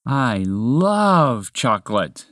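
Man doing a forgetful moose, slow drawl, dreamy, storybook. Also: medium pitch, big pitch swings, fairly bright tone, no room sound, clean studio sound, full character voice.

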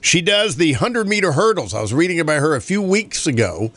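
Chatty male morning-show host with a lively delivery and a dry sound. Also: on the high side, a little fast, dry recording. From North Carolina. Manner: chatty and rambling, laughs often. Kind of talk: casual morning radio talk.

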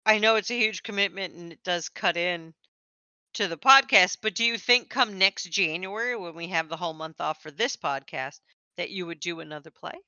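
A woman's voice: lowish voice, moderate pace, pushed and bright, no echo, dull audio. A woman co-hosting a podcast, asking questions and teasing in casual chat. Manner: brief, asks questions, teasing. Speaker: podcast co-host.

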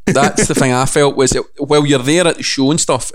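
A man's voice: medium pitch, fairly quick. A Scottish man chatting casually, telling stories and acting out other people's voices in quotes. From Scotland. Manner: animated storyteller, acts out voices in quotes. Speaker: games journalist. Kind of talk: casual chat.

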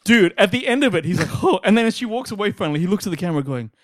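A man's voice: high voice, racing, dry recording, clean studio sound. A man co-hosting a podcast, ranting in casual chat and swearing freely. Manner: animated, swearing, acts out quotes in mocking voices. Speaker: podcast co-host.

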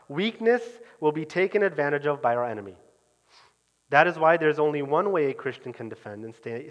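A man preaching a sermon, earnest and emphatic, letting his phrase endings fall quiet. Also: medium pitch. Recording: long reverb of a hall.

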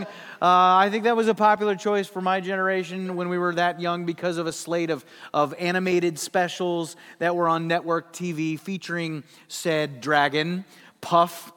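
High-voiced pastor in an echoing hall. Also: male voice, steady tone, moderate pace, a bit bright, smooth. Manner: conversational, humorous storytelling. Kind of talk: sermon. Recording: long hall reverb.

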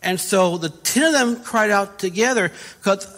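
A man's voice: high-pitched, measured pace, hardly any pauses, a bit bright. A man pastor preaching a conversational sermon in a church, correcting himself as he goes and asking the viewers questions. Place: church with spaced-out pews. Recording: church service with long reverb.

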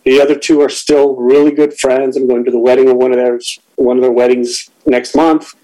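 A middle-aged man speaks with a candid, reflective openness, pausing and restarting as he works through his thoughts. His voice sits at an ordinary pitch for a man, and his story comes out in a personal, unpolished way. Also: level tone, dark tone, poor audio. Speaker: guest sharing a recovery story.

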